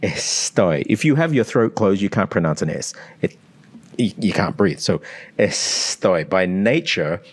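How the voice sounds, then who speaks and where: A slightly rough, low, sing-song voice belongs to an Australian language coach who walks through pronunciation at a moderate pace. He demonstrates sounds aloud in a teacherly manner as part of an explanatory analysis.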